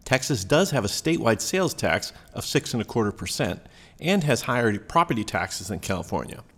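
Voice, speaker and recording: A man's voice: medium pitch, very animated, fairly quick, a bit bright. A man reading a news commentary article aloud as narrator, with a dry, wry delivery.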